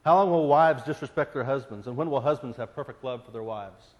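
Earnest preacher in a reverberant hall. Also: male voice, medium pitch, fairly quick, darkish tone. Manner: earnest, rising to pleading intensity on repeated questions. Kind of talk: sermon.

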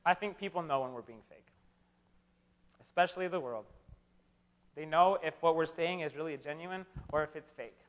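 A young man with a notably high voice gives a relaxed, joking sermon. He talks conversationally and often trips back over his words. His voice rings with the long echo of a large hall. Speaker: preacher. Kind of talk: casual humorous sermon. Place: chapel or hall with an audience.

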